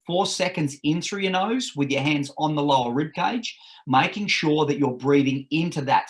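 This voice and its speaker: A man with a slightly high voice, speaking as an energy coach on a podcast. He explains a breathing routine step by step. His tone is forceful and blunt, with the odd swear word. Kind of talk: podcast interview advice.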